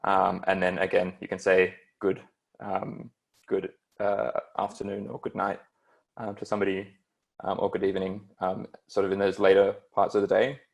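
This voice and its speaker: A man's voice: deep voice, completely flat delivery, moderate pace, creaky. A young man tutoring an online beginners' German lesson, hesitant and full of ums as he explains.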